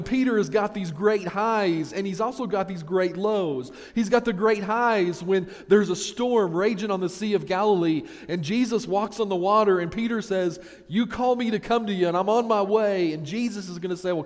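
A man's voice: high voice, in a large hall. A man preaching a sermon in a conversational way, asking his listeners rhetorical questions. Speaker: pastor.

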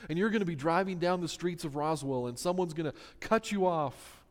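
A male pastor preaching a sermon in an earnest way, slowing down to stress key words. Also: a little high. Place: church sanctuary. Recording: long reverb of a large hall.

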